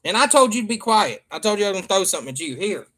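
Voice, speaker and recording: A man's voice: sits high, big pitch swings, very fast, background noise. A man with a Southern American accent chatting casually to viewers as a father and streamer, joking and trailing off with ums. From Michigan. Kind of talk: casual rambling chat to viewers.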